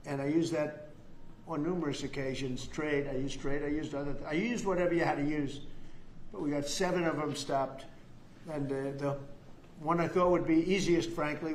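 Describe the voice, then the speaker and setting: An older man giving rambling, boastful off-the-cuff remarks to the press, repeating himself. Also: fairly high pitch. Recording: echoey room with faint noise.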